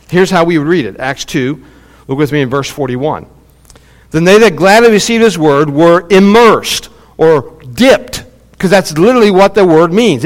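A man delivers a sermon in a fairly high voice, driving his points home with emphatic repetition. His voice rings with the long reverb of a church hall. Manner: animated teaching, emphatic repetitions. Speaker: pastor.

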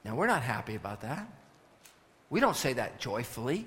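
Forceful male preacher in a reverberant hall. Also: very animated, normal speed. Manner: forceful preaching, swinging from low intensity to loud scripture reading. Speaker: pastor. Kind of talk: sermon. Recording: long reverb of a large hall.

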